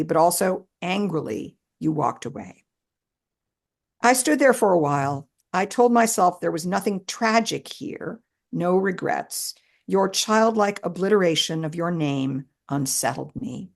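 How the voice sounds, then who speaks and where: A woman with a somewhat low, gravelly voice reads her own personal essay aloud. Her delivery is measured and expressive, leaning on key words for emphasis. She sounds like an author sharing her work with listeners.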